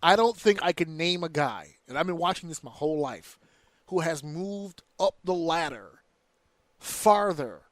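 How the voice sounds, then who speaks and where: Animated, profane man ranting about wrestling. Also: sits high, no echo. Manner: animated, profane, rants excitedly. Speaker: podcast co-host. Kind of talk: casual wrestling podcast chat.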